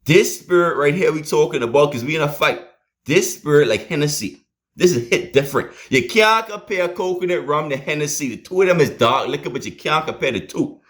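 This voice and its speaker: A man preaching a sermon in a plain street voice, swinging between loud emphatic points and low hushed asides. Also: expressive, a little fast.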